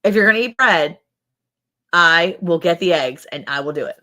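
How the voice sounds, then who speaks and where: A woman's voice: lowish voice, expressive, normal speed, sharp tone. A woman in her thirties hosting a casual ranch livestream, chatty and laughing often as she greets viewers by name. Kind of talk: casual live-stream chat.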